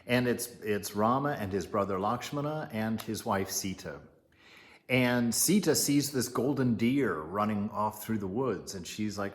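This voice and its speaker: A man gives a casual spiritual teaching and retells a legend with lively storytelling. He adds chuckling asides now and then. His voice sits on the low side. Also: measured pace.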